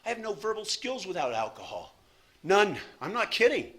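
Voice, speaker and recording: Man in his sixties, lively swooping pitch, bright tone, self-deprecating storyteller at a meeting podium. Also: moderate pace. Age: 60s. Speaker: recovery meeting speaker. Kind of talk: personal recovery story talk.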